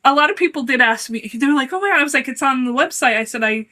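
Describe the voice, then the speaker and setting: A woman's voice: high voice, animated, quick pace, sharp tone. A woman co-hosting a casual chat, rambling and giggling often. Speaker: co-host.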